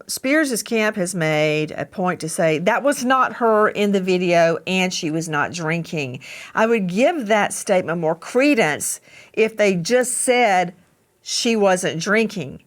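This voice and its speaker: A woman hosting a crime news show, emphatic and opinionated, often speeding up and slowing down. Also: lowish voice. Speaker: host.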